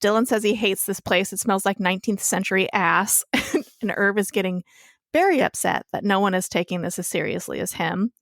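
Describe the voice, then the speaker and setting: A woman's voice: mid-range voice, fairly quick, vocal fry, fairly bright tone, no echo, clean studio sound. A young woman co-hosting a podcast, retelling a TV episode in a chatty, casual way with plenty of swearing. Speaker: podcast co-host. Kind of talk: casual TV recap chat.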